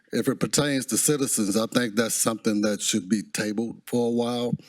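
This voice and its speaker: A man's voice: fairly low pitch, no room sound. A man giving an earnest public comment at a city council meeting.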